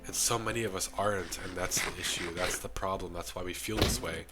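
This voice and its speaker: A young man talks straight to camera in a low, rough voice worn down by illness. He preaches self-improvement with urgent conviction, and music plays clearly underneath. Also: steady tone, fairly quick. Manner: preachy, impassioned. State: sick, losing his voice. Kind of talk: earnest monologue to camera.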